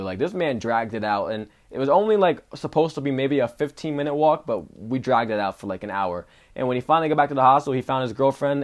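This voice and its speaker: A young man vlogging, telling a story in a casual, animated way with lots of slang. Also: mid-range voice. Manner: animated, slangy, says "bro" often. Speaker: travel vlogger.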